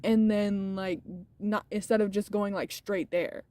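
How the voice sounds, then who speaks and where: A woman's voice: medium pitch, fairly even intonation, measured pace, warm tone. A woman streamer chatting casually with lots of fillers while reading a game aloud into a close mic. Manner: rambling with many fillers.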